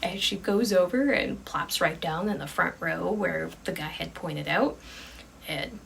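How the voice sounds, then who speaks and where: A woman narrating an improvised ghost story in a casual, chatty way, sometimes dropping into hushed asides. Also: lowish voice, measured pace, vocal fry, slight background noise.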